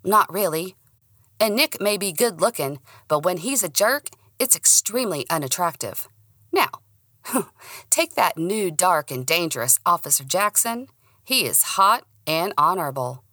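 Woman doing a cheeky young guy friend, teasing and playful, a bit higher, bright, dry read. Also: lively intonation, unhurried, no room sound, heavily acted.

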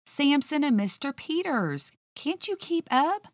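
A woman voicing a flustered, snappy young woman sleuth who talks back quickly and defensively. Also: fairly low pitch, no echo, clean studio sound, close to an everyday voice.

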